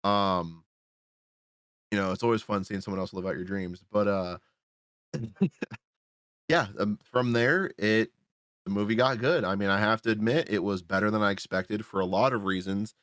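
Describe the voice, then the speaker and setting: Podcast guy, low-pitched and dry, loose profane storyteller who acts out his reactions. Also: normal speed, long pauses, fairly bright tone, dry recording. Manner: rambling, swears freely, acts out his own reactions. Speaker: podcast co-host reviewing a film. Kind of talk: casual profane movie recap.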